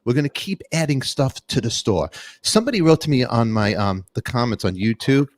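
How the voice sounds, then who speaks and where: A man hosting a live online talk show, joking loudly and giving quick shout-outs to viewers in the chat. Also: medium pitch, animated. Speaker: podcast host. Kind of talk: lively live-stream chat.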